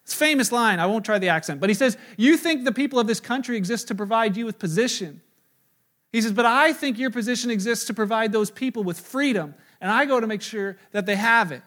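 A middle-aged male pastor with a fairly high voice preaches to his congregation. He tells stories with animated energy, acts out what he said and thought, and pokes fun at himself along the way. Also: a little fast. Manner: animated storytelling, acts out his own quoted lines, self-mocking. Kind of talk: sermon with personal story.

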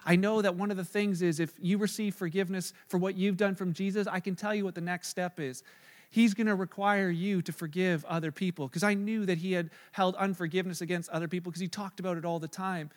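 A man's voice: high-pitched, fairly even intonation, a little fast, long reverb tail. A man preaching as a pastor, earnestly retelling a hospital conversation, with frequent fillers and restarts. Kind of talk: sermon storytelling.

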